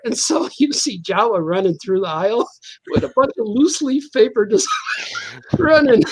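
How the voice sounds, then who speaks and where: Laughing cartoonist telling a story. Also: male voice, very high-pitched, expressive, normal speed, breathy edge. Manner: laughing storyteller who acts out the people in his tales. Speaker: cartoonist guest. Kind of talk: casual anecdote telling.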